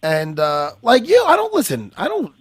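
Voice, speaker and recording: A man's voice: sits high, wildly swooping pitch, moderate pace, husky, dry recording. A man hosting a podcast, chatting in a loose, rambling and profane way. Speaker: podcast host. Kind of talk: casual podcast chat.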